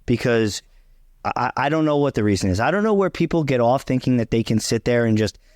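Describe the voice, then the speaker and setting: A man's voice: medium pitch, lively intonation, brisk, a little mellow, dry recording, clean studio sound. A young man co-hosting a casual chat, talking bluntly and emphatically, swearing freely and repeating himself for emphasis. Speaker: vlog co-host.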